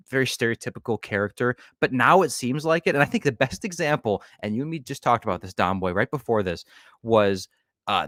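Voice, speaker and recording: A man co-hosting a casual chat about a TV show, ranting in an exasperated, animated way. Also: mid-range voice, no room sound, clean studio sound. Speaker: podcast co-host.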